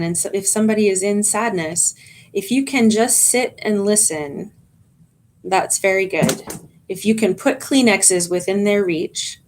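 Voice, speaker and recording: In a gentle training talk for volunteers, a woman chaplain explains things calmly, often pausing with ums and restarting sentences. Her voice sits on the low side.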